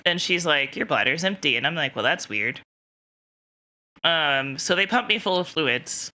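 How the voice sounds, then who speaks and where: This young woman streamer rambles through a story to her chat, giggling often and quoting herself a lot. Her deep voice is expressive, bright, and forceful, moving at a normal speed.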